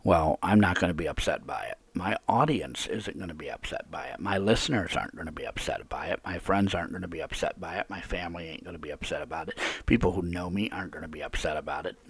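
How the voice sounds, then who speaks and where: A man with a very low, husky voice rants indignantly as he hosts a live call-in podcast. He circles back on the same complaints over and over, sounding close and dry with no room around him. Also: fast, no room sound. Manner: ranting, repetitive, indignant. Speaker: podcast host.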